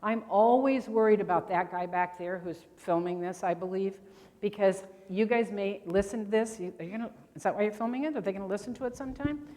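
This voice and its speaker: Brisk and dark-toned, this older woman's medium-pitched voice carries through a large convention hall with long reverb. She's teaching grammar at a workshop, chatting away and firing questions at the audience.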